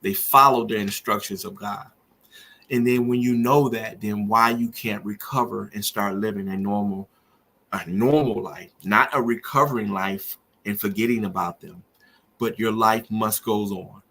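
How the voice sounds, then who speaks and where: A middle-aged podcast host with a fairly low, steady, bright and forceful voice speaks at a moderate pace. In an emotional personal monologue about grief and faith, he sounds earnest and preacherly, his voice rising with feeling.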